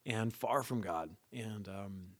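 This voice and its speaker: A man telling the story of his conversion to a podcast host in an earnest, animated way, with plenty of fillers. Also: on the low side, slow, husky, no echo. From Southern California. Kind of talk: casual conversational testimony.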